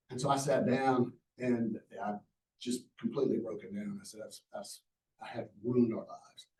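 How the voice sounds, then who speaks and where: A man's voice: mid-range voice, dark tone. A middle-aged man giving a masterclass talk, telling his story in a folksy way and acting out the lines people said to him. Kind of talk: storytelling lecture to a live audience. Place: lecture hall. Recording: echoey hall, mic at a distance.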